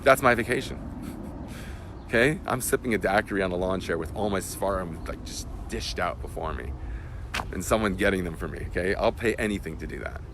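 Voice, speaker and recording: A man, a rabbi, giving an emotional Torah class that swings from loud bursts to hushed whispers. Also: deep voice, a little fast, background noise. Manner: animated, emotional teaching.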